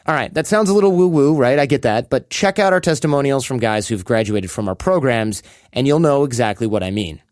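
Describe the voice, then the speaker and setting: A man with a middle-pitched voice reads sponsor spots on his podcast, loose and chatty, jumping into quick playful voices for quoted bits. The sound is dry and close, with no room around it. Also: expressive, no room sound. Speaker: podcast host reading sponsor ads. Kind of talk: casual ad read with banter.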